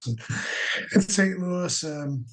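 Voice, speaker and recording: A man's voice: high-pitched, animated, slow, darkish tone. A middle-aged former hockey player, a man, chatting easily as a podcast guest. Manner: easygoing, many fillers. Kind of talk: casual chat.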